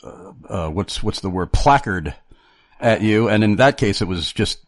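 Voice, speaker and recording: A man hosting Christian radio talk, reflective and halting, with many fillers. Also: fairly low pitch, animated, dry recording.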